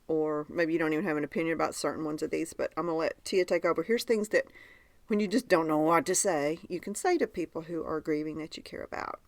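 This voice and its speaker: A woman hosting a podcast tells stories in a chatty, easy way and steers the talk along. Her voice sits a little low, and it is recorded close and dry. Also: no echo. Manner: chatty storyteller, leads the segment. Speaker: podcast host. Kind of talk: casual chat.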